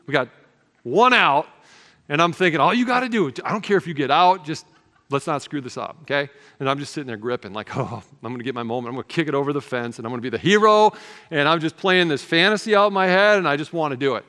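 A man's voice: a little high, animated, fast, pushed and bright. A man preaching a sermon, telling a childhood story in an earnest, conversational way with casual fillers. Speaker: pastor. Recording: long hall reverb.

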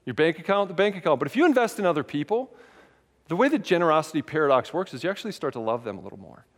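A man's voice: on the high side, big pitch swings, very fast. A man preaching a sermon as a pastor, telling stories in a candid, self-mocking way. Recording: long hall reverb.

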